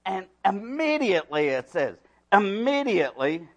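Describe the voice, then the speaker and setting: A man preaches a sermon in a high voice that swings widely in pitch. He moves from hushed asides to loud, emphatic bursts, leaning hard on repeated words. His delivery is slow and deliberate. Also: very animated. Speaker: pastor.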